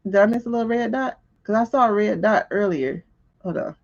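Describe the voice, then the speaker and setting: A woman's voice: mid-range voice, fairly quick, gravelly, muffled recording, background noise. A woman hosting a livestream who comments on a news clip in casual, exasperated talk. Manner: animated, exasperated, laughing, talks back to the screen. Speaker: livestream host reacting to a video.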